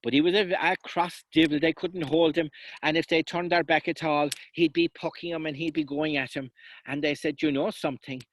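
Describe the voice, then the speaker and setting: A man's voice: on the high side, brisk, dry recording, poor audio. Kerry Irish man telling a folk tale. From South West Kerry, Ireland. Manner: lively, dramatic voicing of characters with sudden drops to hushed tones. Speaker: seanchaí storyteller. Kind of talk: traditional oral folk storytelling.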